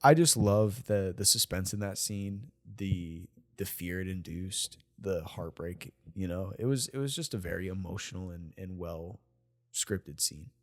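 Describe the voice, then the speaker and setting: A co-host on a movie review podcast talks in a low, expressive, unhurried voice. His casual review chat is enthusiastic and rambling, full of fillers, restarts, and laughter.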